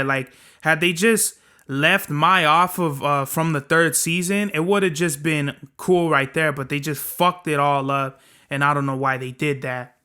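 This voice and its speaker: Young male podcast host, rambling and profane, bright and crisp tone. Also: a little high. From Southern California. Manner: profane, rambling, slangy storytelling. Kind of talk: casual solo podcast monologue.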